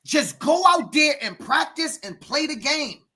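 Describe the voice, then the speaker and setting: A man who coaches youth football, telling stories and lecturing parents on a podcast, emphatic and preachy, now and then breaking into shouts. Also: extremely high pitch, animated, unhurried. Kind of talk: animated podcast storytelling.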